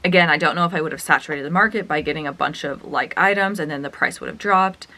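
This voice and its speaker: A young woman telling a storytime vlog as a reseller, chatty and animated, acting out the dialogue as she retells it. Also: low voice, fast. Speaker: reseller vlogger.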